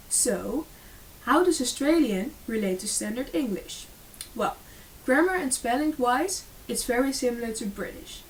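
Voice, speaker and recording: A woman reading a school presentation aloud, with frequent fillers and small restarts. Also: fairly high pitch. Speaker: student presenter. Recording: distant mic with faint hiss.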